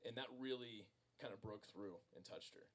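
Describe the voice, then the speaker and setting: A man's voice: fairly low pitch, moderate pace. A man in his thirties telling a casual, self-deprecating story to an audience at a bookstore event, with many fillers and restarts. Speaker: author speaking at a book event.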